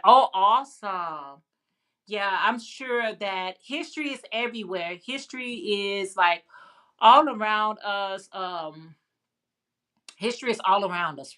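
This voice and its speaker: A Chicago woman with a medium-pitched, sharp-toned voice hosts a laid-back livestream. She chats with viewers, reads their comments out loud, and laughs a lot.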